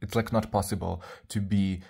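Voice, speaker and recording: A man talks straight to the camera in a loose, rambling vlog, stopping and restarting his thoughts. His voice sits low and mellow. He sounds confident and sassy. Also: steady tone, normal speed, vocal fry, breathy edge. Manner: rambling, chatty, full of "like" and "um"; self-assured, sassy. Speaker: vlogger. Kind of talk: casual vlog monologue.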